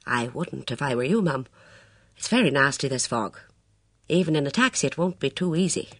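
A man's voice: medium pitch, lively intonation, moderate pace, a bit bright, dry recording, studio quality. A reader voicing a chatty, persuasive Irish hotel doorman in an audiobook, with an Irish accent. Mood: coaxing. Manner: coaxing, folksy.

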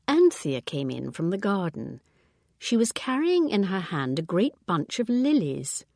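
A woman narrating an audiobook with calm, measured delivery. Her narration sits lower and steadier than her character voices. The recording is dry and close. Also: no room sound. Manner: low, even narration between dialogue. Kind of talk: scripted narration.

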